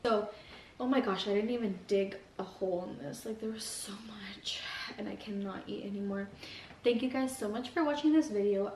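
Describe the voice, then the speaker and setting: A woman's voice: a little high, a little hiss or hum. Rambling young woman in echoey room. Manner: rambling, heavy use of "like", earnest. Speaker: mukbang vlogger. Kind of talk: casual motivational chat while eating. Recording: echoey room, mic at a distance.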